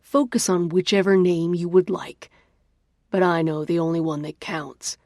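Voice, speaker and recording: A woman's voice: lowish voice, steady tone, normal speed, no room sound, clean studio sound, natural voice. A woman voicing a hurt, angry young man who speaks sharply and emphatically in an audiobook. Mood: cutting. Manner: sharp, emphatic, listing points.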